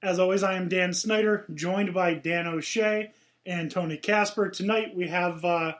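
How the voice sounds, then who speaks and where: A man's voice: high voice, steady tone, normal speed, a bit bright. A man hosting a casual sports podcast, joking with his co-hosts and reciting rhyming verse. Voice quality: weird sounding voice. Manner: jokey, reads rhyming poem. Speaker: podcast host.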